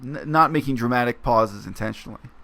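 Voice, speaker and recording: A man with a gravelly, creaky voice, speaking at a middle pitch. He talks his way through the story in a reflective, explanatory vlog monologue, pausing often with fillers. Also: bright, forceful tone. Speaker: vlogger. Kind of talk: casual spoken monologue.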